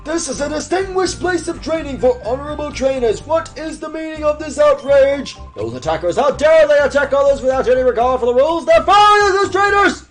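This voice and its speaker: A woman's voice: sits high, lively intonation, a little fast, hardly any pauses, soft background music, pitched above the performer's own voice. A woman doing a pompous, outraged hall keeper. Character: indignant stuffy keeper of a training hall.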